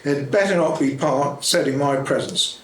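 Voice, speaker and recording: A man reading aloud, voicing an excitable young upper-class gentleman in a comic story. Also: medium pitch, moderate pace, reverberant, a little hiss or hum, natural voice, low-quality recording. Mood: indignant. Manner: excitable and indignant.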